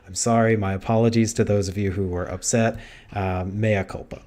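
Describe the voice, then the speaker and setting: A man's voice: fairly low pitch, steady tone, normal speed, darkish tone. A man hosting a livestream interview, chatty and self-deprecating with playful asides. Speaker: livestream host. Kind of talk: casual interview chat.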